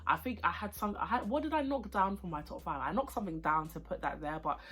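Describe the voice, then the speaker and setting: A young British woman vlogger chats casually in a lowish, husky voice, talking fast while she eats and reviews food and a film. Her mukbang-style talk is chatty, excitable and full of slang.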